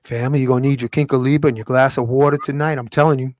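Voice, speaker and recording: A man hosting a casual livestream over a video call, with loose slangy banter and shout-outs to viewers. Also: medium pitch, steady tone, racing, no echo, studio quality. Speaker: livestream host.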